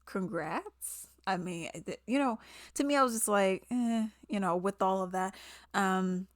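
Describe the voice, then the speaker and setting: A woman giving a casual spoken movie review, animated and quick to mimic people in quotes, laughing often. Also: medium pitch, dry recording, clean studio sound.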